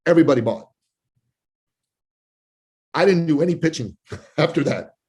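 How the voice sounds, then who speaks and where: A podcast guest in his forties tells a lively personal story. His voice is mellow and dark-toned, and he leaps higher for the quoted lines he acts out. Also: normal speed. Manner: acts out quoted voices with big pitch jumps. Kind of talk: animated storytelling. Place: Toronto area.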